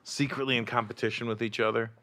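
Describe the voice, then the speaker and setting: A man's voice: medium pitch, level tone, fast, pushed and bright. A male comedian telling road stories in a casual podcast chat, swearing and acting out the people in them. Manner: swearing storyteller, acts out voices.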